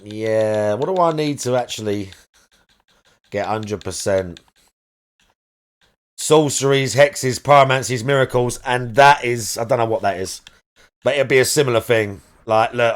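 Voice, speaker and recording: A man streaming a game live, chatting casually and rambling as he searches aloud for the right words. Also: mid-range voice. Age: adult parent.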